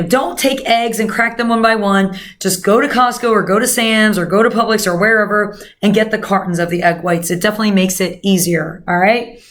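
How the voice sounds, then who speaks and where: A woman's voice: medium pitch, fairly bright tone. A woman giving a casual nutrition lesson, chatty and full of fillers, talking straight to her viewers. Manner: chatty, many fillers, addresses viewers as guys. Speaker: nutrition coach. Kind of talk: casual instructional talk.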